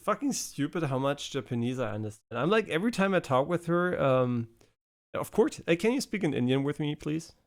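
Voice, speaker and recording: A man's voice: fairly high pitch, big pitch swings, brisk. A male game streamer chatting casually on a live stream, swearing and laughing as he teases a voice assistant. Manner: profane, laughing, teasing a voice assistant.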